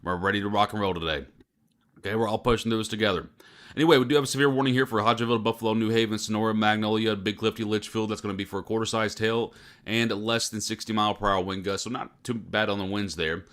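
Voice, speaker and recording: Fast-talking tired male weather forecaster. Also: lowish voice. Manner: self-described monotone delivery. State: tired from little sleep. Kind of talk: live storm coverage broadcast.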